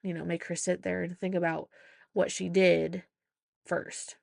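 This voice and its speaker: A woman's voice: fairly low pitch, level tone, a little slow, gravelly, dry recording, clean studio sound. A woman hosting a casual storytelling podcast, chatty as she recounts her week and acts out the voices in her anecdotes. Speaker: podcast host; mother.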